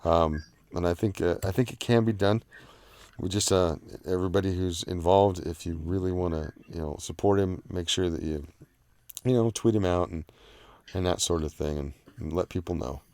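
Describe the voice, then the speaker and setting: A man's voice: low voice, moderate pace, darkish tone, dry recording. A man hosting a live online panel in casual chat, rambling with fillers and easy laughs. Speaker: livestream host.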